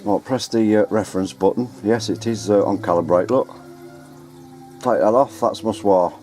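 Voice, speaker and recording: Faint music plays behind this man, whose voice sits on the low side with a darkish tone and normal speed. As a radio hobbyist vlogger, he chats loosely to a handheld camera outdoors at home, in the garden and on ladders, self-correcting as he talks.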